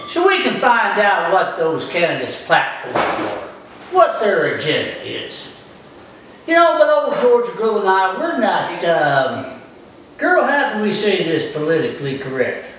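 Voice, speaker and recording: A man's voice: fairly high pitch, fairly bright tone, a little hiss or hum. A man hosting a comedic folksy monologue, joking with viewers and talking to his dog, recorded from a distance in an echoey room. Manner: folksy, jokey, addresses viewers directly.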